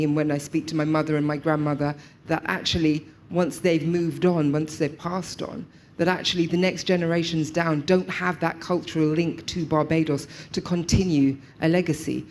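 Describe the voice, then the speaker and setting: A woman's voice: low-pitched, darkish tone, a little hiss or hum. A woman from London, a broadcaster, making an articulate contribution at a public meeting. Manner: articulate, laughs easily. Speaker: audience member, broadcaster.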